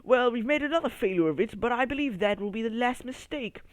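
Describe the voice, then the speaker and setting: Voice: medium pitch, lively intonation, fast talker, no room sound, voice pushed up, close to an everyday voice. A storyteller voicing an earnest male fruit scientist who explains his experiments in a children's story.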